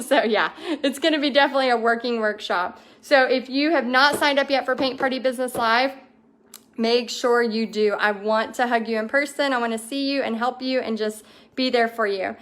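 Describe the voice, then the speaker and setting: A woman in her thirties hosts a livestream in a fairly high voice. She reads out viewer comments and answers them in a bubbly, enthusiastic, chatty way, with plenty of ums along the way. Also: a little fast, a bit bright. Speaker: host of a paint party business livestream.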